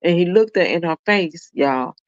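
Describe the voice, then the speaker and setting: A woman's voice: on the low side, lively intonation, normal speed, no echo, muffled recording. A woman commentator telling a story in a casual way, speaking straight to her viewers. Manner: talks straight to viewers, calling them y'all. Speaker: commentator reacting to a video.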